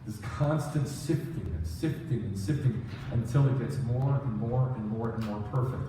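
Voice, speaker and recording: A man giving a conversational sermon as a rabbi, self-deprecating and animated, telling stories with quoted asides. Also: mid-range voice, normal speed, noisy background. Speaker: rabbi teaching a congregation. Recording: echoey hall from far off.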